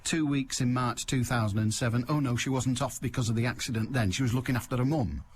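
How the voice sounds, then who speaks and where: A man's voice: mid-range voice, fast, slight background noise. A man hosting a radio phone-in, blunt and wry, pushing callers along. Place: radio studio.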